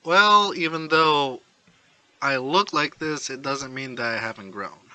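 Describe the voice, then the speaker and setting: Man reading a shy soft-spoken teen hero boy, bright tone, fan story. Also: mid-range voice, unhurried, clean tone, no room sound. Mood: earnest.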